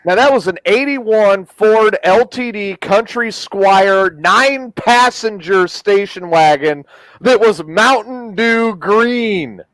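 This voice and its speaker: A man's voice: high voice, lively intonation, slow, fairly bright tone, no room sound, rough recording. A man telling profane, rambling stories in a casual chat, often laughing at his own tales. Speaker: podcast host.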